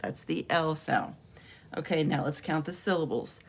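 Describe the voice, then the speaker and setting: Low gravelly lady teacher, slow and patient, sounding out letters for kids. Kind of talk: home video lesson on phonics. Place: her room at home.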